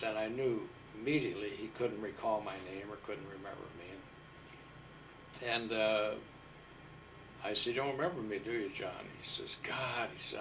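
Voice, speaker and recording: An older man from Iowa, a war veteran, unhurriedly recounting his service with fillers and pauses. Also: fairly low pitch, recorded from a distance, noisy background. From Iowa, USA. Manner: unhurried, humble storyteller with fillers. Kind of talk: storytelling interview.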